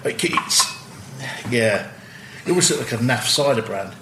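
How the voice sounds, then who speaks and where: A man's voice: medium pitch, expressive, unhurried. A man giving blunt, opinionated verdicts in a casual beer-tasting chat, often stammering as he restarts his sentences. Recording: echoey noisy room with clatter.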